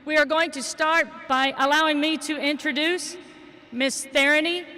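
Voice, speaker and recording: A man welcoming graduates to their ceremony, his voice very high-pitched and bright. He speaks with open emotion and affection toward the students, in a large stadium. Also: steady tone, moderate pace. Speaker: school administrator welcoming graduates.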